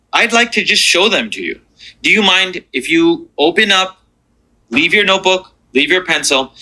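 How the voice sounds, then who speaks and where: A man teaching a beginner language lesson, patient and encouraging, slowing down to repeat sounds with the learner. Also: a little high, bright, forceful tone, poor audio.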